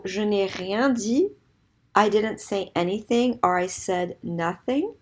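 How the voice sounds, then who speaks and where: A woman French teacher giving a recorded grammar lesson, explaining clearly and mixing English with French examples. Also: mid-range voice.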